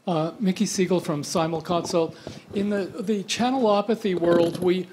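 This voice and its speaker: A man in the audience asking a question at a conference, halting and repeating words. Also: sits high, background noise.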